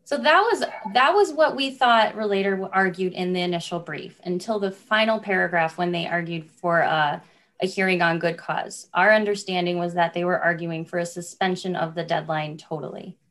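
A woman addresses an appeals court in a formal, persuasive manner. Her voice sits somewhat low for a woman, steady and composed as she builds her case. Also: moderate pace. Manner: formal, persuasive, asks listeners to imagine cases. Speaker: attorney for a state agency. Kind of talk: appellate oral argument.

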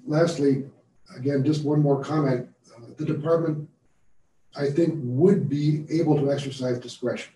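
Man, attorney, formal oral argument, measured reasoning, dark voice, roomy courtroom echo. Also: on the high side, steady tone, distant mic. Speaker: attorney for the appellant.

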